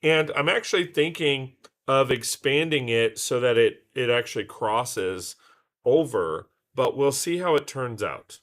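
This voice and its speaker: A man hosts a casual livestream, talking loosely and filling pauses with ums and uhs. His voice has a bright, forward edge, roughened slightly by a recent illness. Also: medium pitch, animated. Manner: chatty, loose, full of fillers and restarts. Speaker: livestream host.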